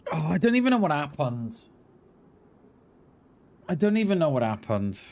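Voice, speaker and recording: A man's voice: on the high side, very animated, moderate pace, darkish tone, slight background noise. A man chatting casually to viewers while streaming a game, laughing often and thanking people for donations. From Wales. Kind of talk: casual live-stream chat.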